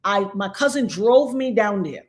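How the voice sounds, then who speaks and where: A woman from Trinidad, a guest on a live stream, telling a story in a dramatic, animated way over a call mic. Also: medium pitch, a little slow. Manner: dramatic, animated retelling with acted-out quotes. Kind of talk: casual storytelling.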